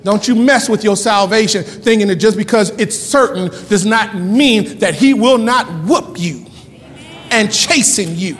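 Man preaching, very high voice, long church reverb, shouts and quick asides. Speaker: pastor. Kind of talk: sermon. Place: church sanctuary.

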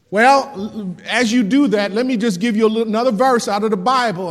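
A male pastor preaching a lively sermon, repeating lines for emphasis and laughing often. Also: sits high, fairly quick, few pauses. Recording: long hall reverb.

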